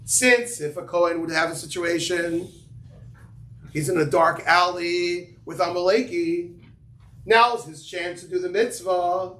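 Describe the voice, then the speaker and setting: A man's voice: high voice, steady tone, unhurried, fairly bright tone. Man teaching a casual Torah class. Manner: storytelling, many fillers, Yiddish and Hebrew terms. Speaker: yeshiva teacher giving a class. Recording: echoey room, faint ambient noise.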